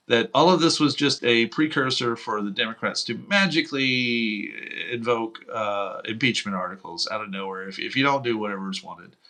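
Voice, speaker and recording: A man's voice: medium pitch, a bit bright. A man from Houston hosting political commentary, talking in a blunt, profane, heated rant. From United States (Houston). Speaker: host.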